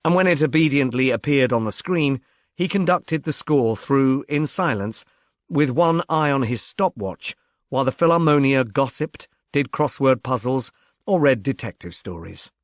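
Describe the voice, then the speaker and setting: Reading a novel aloud from a script, a man keeps his storytelling calm and even. He speaks at a medium pitch, captured in clean, dry studio sound.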